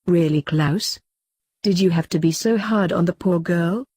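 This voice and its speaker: A woman's voice: fairly low pitch, unhurried, warm tone, husky, dry recording. A disapproving vampire man scolding his brother in a storybook, as a woman reads him. His tone is reproachful. The sound is dry and close.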